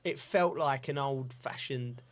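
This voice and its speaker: A man's voice: medium pitch, unhurried. A man chatting casually as a football pundit, telling stories and laughing often. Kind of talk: casual banter.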